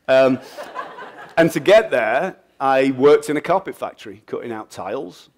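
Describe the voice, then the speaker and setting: A middle-aged man from England with an English accent, giving a lively, joking and blunt motivational talk at a festival, answering audience questions. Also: medium pitch, moderate pace, slight background noise. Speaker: guest speaker.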